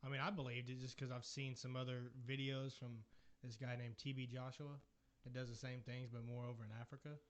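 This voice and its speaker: A man speaking slowly and earnestly in a casual podcast chat. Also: mid-range voice, flat delivery. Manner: slow, thoughtful, earnest. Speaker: podcast co-host.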